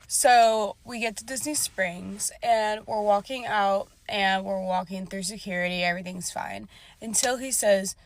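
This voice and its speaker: A woman's voice: medium pitch, a little slow. A young woman telling a casual storytime about a bad date, chatty, full of "like" and swearing freely.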